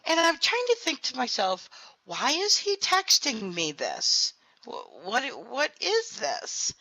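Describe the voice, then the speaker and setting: A woman addresses a community meeting in a relaxed, storytelling way, laughing often. Her voice is bright and on the higher side, moving up and down a lot at an unhurried pace. The sound is dry and close. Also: no room sound, rough recording. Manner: laughs often, animated when retelling. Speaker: virtual world grid owner speaking at a town hall. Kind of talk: casual storytelling to an audience.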